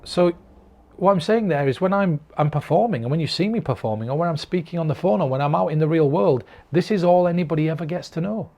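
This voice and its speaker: Earnest, fairly high-voiced man from northern England. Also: fast talker, a little mellow. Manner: earnest, direct and encouraging, addresses the viewer. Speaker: mentalist giving performance advice. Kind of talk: to-camera advice vlog. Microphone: camera recording himself.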